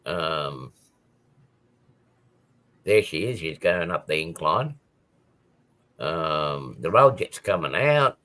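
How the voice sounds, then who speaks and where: A man's voice: a bass voice, lively intonation, takes it slowly, long pauses, pushed and bright. A man chatting casually on a live stream about his model railway, rambling with many ums and restarts.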